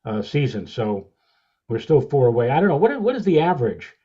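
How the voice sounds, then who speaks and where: A man co-hosting a weather podcast, explaining a space image step by step in a measured way. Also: mid-range voice, very animated, mellow, husky, muffled recording. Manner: measured, explanatory, with many uh fillers. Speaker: podcast co-host, meteorologist.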